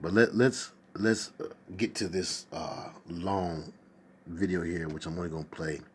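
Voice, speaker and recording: A man's voice: low voice, steady tone, measured pace, a little hiss or hum. A man hosting a casual stream from his desk, reading viewer comments aloud with exclamations and chatty asides. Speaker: host. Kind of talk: casual livestream chat. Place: at a desk at home.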